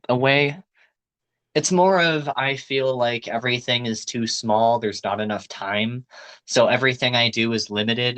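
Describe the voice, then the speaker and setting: A teenage boy co-hosting a podcast, telling stories in an animated way and swearing freely. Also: fairly low pitch. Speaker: podcast co-host. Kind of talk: casual chat.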